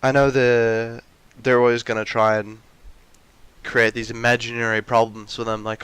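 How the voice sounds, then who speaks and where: A man's voice: mid-range voice, level tone, normal speed, a bit bright, clean tone, no echo. A young man in a ranty, rambling monologue, full of restarts and fillers, with mocking acted-out quotes of characters. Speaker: video essayist.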